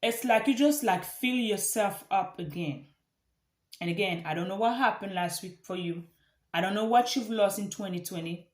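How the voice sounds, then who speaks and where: A woman's voice: medium pitch, normal speed. A woman from Africa, giving an earnest motivational talk as a life coach and repeating phrases for emphasis. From Central Africa. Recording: echoey room.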